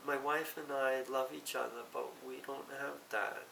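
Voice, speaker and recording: Middle-aged woman, very gravelly voice, tense tone, tearful and halting, roomy distant recording with faint hiss. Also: very deep voice, steady tone, fairly bright tone. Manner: halting, tearful, self-correcting. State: emotional, close to tears. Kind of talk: emotional personal confession.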